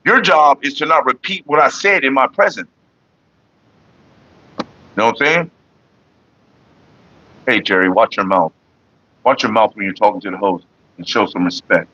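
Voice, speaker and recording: A man's voice: medium pitch, moderate pace, pauses often, bright, forceful tone, breathy edge, highs cut off. A middle-aged man hosting a casual livestream, talking bluntly and with lots of swearing straight to his chat viewers. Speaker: livestream host.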